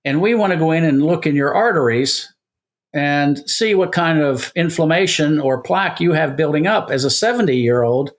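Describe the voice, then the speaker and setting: In casual storytelling with an interviewer, a guest in his seventies speaks at a moderate pace in a slightly high voice. He animates his recollections by performing both parts of each quoted exchange.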